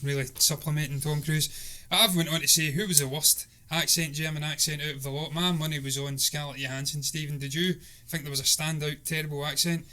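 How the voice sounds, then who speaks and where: Bright-voiced man, eager film chat. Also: a little high, steady tone, fairly quick, few pauses. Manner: enthusiastic, talkative, laughs often. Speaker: film review podcast co-host. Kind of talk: casual chat.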